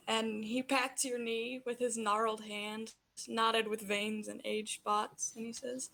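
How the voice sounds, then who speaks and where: A woman narrating a tabletop role-playing game as game master, describing scenes in an unhurried, descriptive way. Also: a little high, flat delivery, vocal fry, a bit bright.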